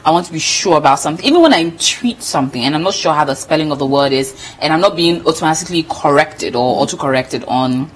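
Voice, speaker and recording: A woman's voice: deep voice, quick pace, hardly any pauses, slight background noise, poor audio. A woman co-hosting a TV entertainment show, chatting casually and reading out comments with frequent laughter. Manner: animated, laughs often, reads comments aloud. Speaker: TV show co-host.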